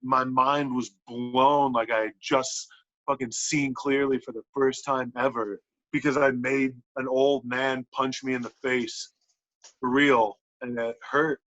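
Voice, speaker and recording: A man on a podcast telling a wrestling story in casual, animated talk, swearing a lot and filling with "like". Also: medium pitch, a little slow. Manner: animated, profane, lots of "like" fillers. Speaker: podcast guest, pro wrestler. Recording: dull lo-fi podcast audio.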